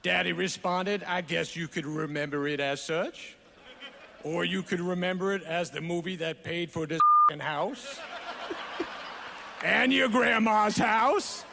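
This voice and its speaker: A man delivering a comic acceptance speech in a put-on Southern drawl, shouting out his punchlines. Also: sits high, measured pace, vocal fry, background noise. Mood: mock boastful. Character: goofy Southern-drawling man, brash and crude. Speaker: award recipient giving a speech.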